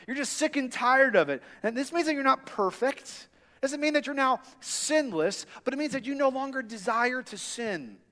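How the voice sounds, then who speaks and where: A man with a high, bright speaking voice preaches a sermon from a church sanctuary. His words ring out in the long reverb of a big hall. He tells stories and swings from hushed asides to emphatic points. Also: animated, normal speed. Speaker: senior pastor.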